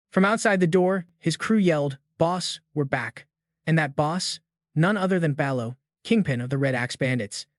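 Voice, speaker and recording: Man, slangy recap narrator, fairly high voice, dry close sound. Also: no echo. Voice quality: casual slangy delivery.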